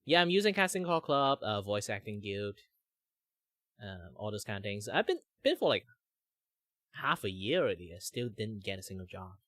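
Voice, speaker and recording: A man's voice: moderate pace, no echo, studio quality. A man from Malaysia with a Malaysian accent, whose first language is Chinese, chatting casually as a vtuber streamer. He talks loosely with many fillers. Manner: switches between a higher voice and a deep relaxed voice. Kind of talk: casual chat.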